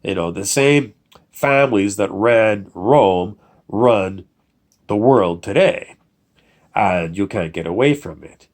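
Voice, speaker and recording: Rambling, low-voiced man producer. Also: lively intonation, takes it slowly. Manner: digressive, loses his train of thought, many fillers. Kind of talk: casual rambling monologue.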